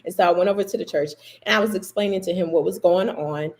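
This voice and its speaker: A woman in her thirties hosting a women's church livestream, telling a personal testimony in an animated storytelling way. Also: fairly low pitch, quick pace. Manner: animated storyteller, acting out remembered dialogue. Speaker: women's ministry host.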